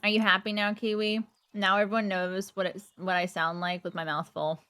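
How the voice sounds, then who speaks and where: A woman's voice: medium pitch, flat delivery, normal speed, sharp tone. A woman streamer chatting casually and playfully with her live audience. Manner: playful, talks to chat while eating.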